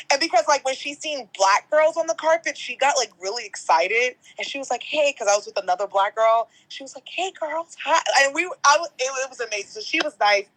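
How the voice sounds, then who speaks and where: A woman in her thirties, a guest on a podcast, telling stories in a lively, casual way and swearing now and then. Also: high voice, fast talker, few pauses, low-quality recording. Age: 30s. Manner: animated storyteller, swears casually. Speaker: guest, entertainment host.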